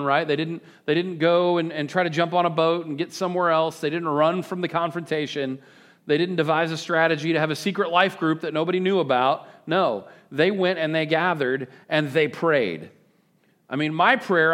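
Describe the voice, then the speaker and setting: A man preaching a sermon to a congregation, animated and joking, prompting the people to answer back. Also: a little high. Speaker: pastor. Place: church service with congregation.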